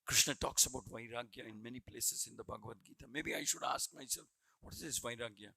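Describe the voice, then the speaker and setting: A man's voice: medium pitch, quick pace, gravelly, bright, forceful tone, no room sound, rough recording. A man giving a devotional scripture class, earnest, repeating phrases as he retells a story. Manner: earnest, repeats phrases while building a point.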